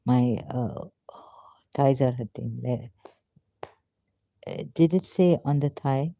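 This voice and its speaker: A man with a mid-range, creaky, dark voice reads a prayer aloud, then stops to comment on it in non-native English, repeating chanted phrases and laughing at himself. His delivery is slow and halting, and the recording is dull, lo-fi and dry.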